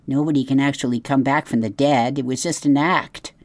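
A woman's voice: a bass voice, steady tone, fairly quick, darkish tone, no echo. Woman voicing a showy diva opossum. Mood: gushing. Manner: gushing, showy. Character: theatrical female opossum, vain dramatic performer.

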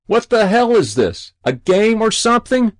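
Winded exasperated fireman yelling up high, a male narrator's put-on voice. Dry sound. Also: sing-song, moderate pace, dry recording. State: out of breath.

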